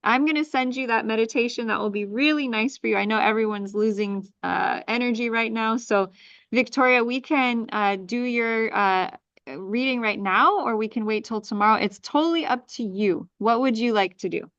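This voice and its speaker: A woman hosting an astrology workshop over a video call, giving a reading and running an energy clearing in rhythmic, chant-like lists. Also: fairly high pitch, moderate pace, a bit bright, dry recording, lo-fi sound.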